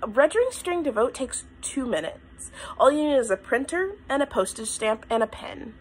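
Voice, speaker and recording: A woman's voice: high voice, sing-song, normal speed, slight background noise. A woman vlogger from the United States talking straight to her camera, blunt and impassioned, at times tearful. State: tearful, crying. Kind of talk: emotional talk to camera. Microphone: phone or camera mic.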